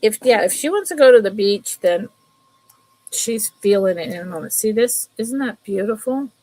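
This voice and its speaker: A woman's voice: medium pitch, lively intonation, normal speed, warm tone, dry recording, poor audio. A middle-aged woman hosting a live jewelry sale, chatting casually and rambling between viewers, her cat and the pieces she shows. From California. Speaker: live sale host selling vintage jewelry. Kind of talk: casual live-stream sales chat.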